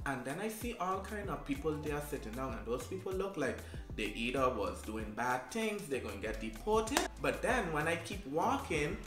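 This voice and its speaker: A man's voice: fairly high pitch, normal speed. A young man telling a funny personal story in a vlog, acting out every quote as he goes. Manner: lively storyteller who acts out every quote. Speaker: vlogger. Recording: roomy sound with music behind.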